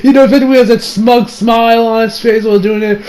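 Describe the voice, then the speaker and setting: Excitable male anime reviewer with a high voice, casual and profane. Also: brisk, slight background noise, poor audio. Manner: excitable, swears freely, laughs often. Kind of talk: casual episode recap.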